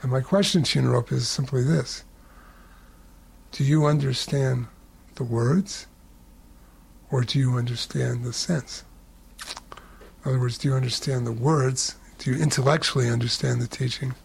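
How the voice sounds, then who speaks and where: A man's voice: medium pitch, fairly even intonation, moderate pace, gravelly, long pauses, a little hiss or hum, lightly acted. A man voicing a stern old hag. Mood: probing. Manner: questioning, scolding.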